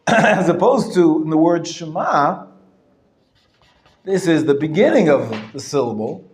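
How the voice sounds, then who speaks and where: A man teaching a class with a slightly high voice and a slow, careful delivery. He sounds words out patiently, clears his throat now and then and chuckles between points. The room is roomy and echoey. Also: lively intonation, slight background noise. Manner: patient, explanatory, repeats words slowly to demonstrate sounds. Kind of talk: live classroom lesson on Hebrew reading. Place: lecture room. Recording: roomy echo from a live class.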